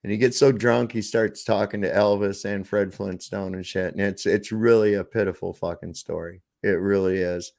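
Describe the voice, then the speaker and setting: A middle-aged man hosting a podcast, telling stories in a profane, animated, casual chat. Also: on the low side, normal speed, gravelly, few pauses. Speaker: podcast host.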